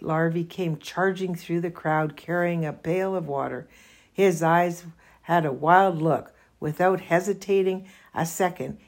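A woman reading a children's novel aloud in a slow, careful manner. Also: on the low side. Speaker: reader.

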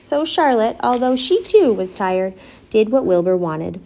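A woman narrating a children's storybook aloud in an expressive, measured way. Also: medium pitch, vocal fry. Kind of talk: storybook reading.

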